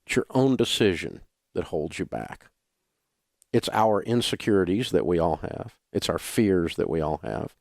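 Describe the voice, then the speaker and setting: A man's voice: low voice, gravelly, a little mellow, no echo, clean studio sound. An older man with a Southern US accent, a radio talk show host delivering a folksy, blunt, emphatic monologue. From Southern United States.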